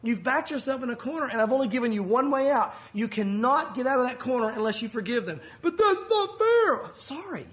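A pastor delivers his sermon in a strikingly high voice. He preaches earnestly and with emphasis, speaking straight to his listeners. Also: fast talker, hardly any pauses, a bit bright.

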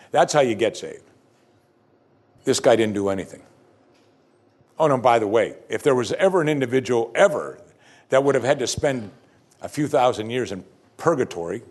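A man's voice: mid-range voice, animated, moderate pace, long pauses, a little mellow. A man preaching a sermon as pastor, earnest and emphatic, repeating key phrases and breaking into conversational asides between scripture readings.

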